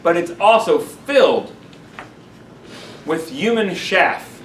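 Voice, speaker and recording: A man, a rabbi, teaching a class in a lively way, speaking to the room and acting out his examples. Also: sits high, slow. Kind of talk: classroom lecture. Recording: roomy sound from a distant mic, faint background noise.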